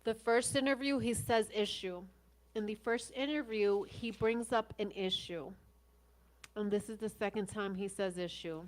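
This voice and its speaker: A woman's voice: medium pitch, moderate pace. A woman podcast host commenting on interview clips, blunt and sarcastic, swearing freely.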